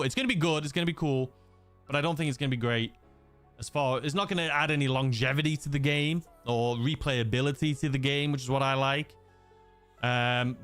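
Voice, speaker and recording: Reading viewer messages on his gaming livestream, a young man from England rambles casually, restarting often and using lots of fillers. He speaks at medium pitch with a fairly bright tone, and his mixed English accent leans a bit Scouse.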